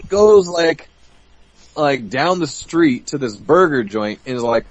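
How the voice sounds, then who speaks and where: A man in his twenties, a wrestler guest, telling a backstage story in a profane, animated way. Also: slow pace, pauses often, no echo. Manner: profane, animated, bursts into high-pitched mimicry. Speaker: interview guest, pro wrestler. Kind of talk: casual storytelling. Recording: dull, dry podcast audio.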